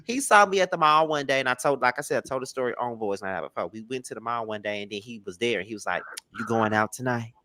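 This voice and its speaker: A man's voice: mid-range voice, fast talker, hardly any pauses. A man hosting a podcast, telling a story in casual chat and acting out the quotes in voices. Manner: animated, acts out quotes in voices. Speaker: podcast host.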